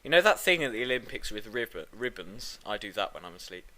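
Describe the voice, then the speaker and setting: Brief: deadpan male podcast guest, low voice, straight-faced absurd claims, faint background noise. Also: fast talker. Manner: deadpan, absurd tall tales told flatly. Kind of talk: comedy podcast banter.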